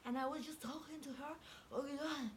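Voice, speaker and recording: A woman's voice: high-pitched, fairly quick, slight background noise. Young woman, casual profane storyteller, heavy on "like", quotes acted out. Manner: chatty and profane, packed with "like", acts out quotes. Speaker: vlogger.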